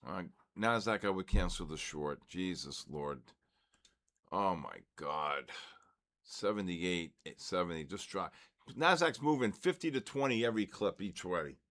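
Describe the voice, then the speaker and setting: An older man talks through a live trading session in a lowish voice. He is casual and excitable, exclaiming and muttering as the markets move. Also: normal speed. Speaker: trading livestream host.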